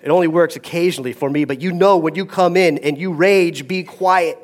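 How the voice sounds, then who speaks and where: A male pastor preaching a sermon, swinging between hushed, drawn-out phrases and loud, rising emphasis. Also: on the high side.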